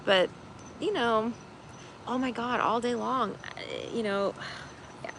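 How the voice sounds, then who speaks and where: A woman's voice: a little high, takes it slowly, background noise. A woman chatting casually on a livestream as a tarot reader host, rambling with many fillers and laughing easily. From United States.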